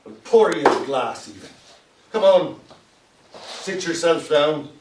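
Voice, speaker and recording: A bitter, tipsy immigrant captain, played by a man, rambles sardonically over his drink in a solo stage monologue. His voice sits high and carries a lilt. It echoes in a roomy space, caught from some distance off the mic. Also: animated, slow, noisy background. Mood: sardonic. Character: bitter Irish immigrant Civil War captain, drinking alone. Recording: roomy echo from far off.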